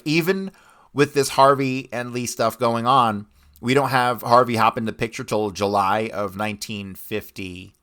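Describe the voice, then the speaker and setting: A man's voice: mid-range voice, fairly bright tone. A man hosting a history podcast, reading passages aloud and breaking off into blunt, profane asides. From United States. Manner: blunt, swears often, rants between readings. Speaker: podcast host. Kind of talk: history commentary with read-out passages.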